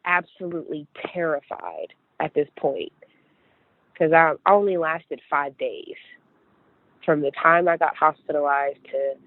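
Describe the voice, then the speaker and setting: A woman's voice: sits low, no room sound. A young woman from West Virginia, a podcast guest, telling her personal story in a chatty way full of "like" and "you know". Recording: tinny phone-line audio.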